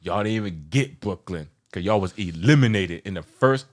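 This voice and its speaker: Man, fairly low voice, from New York, casual sports talk host, rambling, fired up. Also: lively intonation, normal speed. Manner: passionate, rambling, gets loud and worked up. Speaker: show host.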